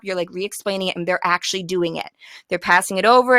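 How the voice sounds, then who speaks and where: A bright-toned young woman coaches teachers in an upbeat, encouraging way, now and then slipping into the voice she uses with her class. The sound is close and dry, with no room around it. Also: lowish voice, fast, dry recording. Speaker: teacher trainer.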